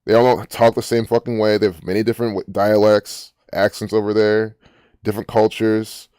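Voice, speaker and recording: A man's voice: fairly low pitch, little pitch movement, fairly quick, a little mellow, smooth, no room sound, studio quality. A man hosting his own channel, giving rambling, profane and indignant commentary while reading from a screen. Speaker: channel host.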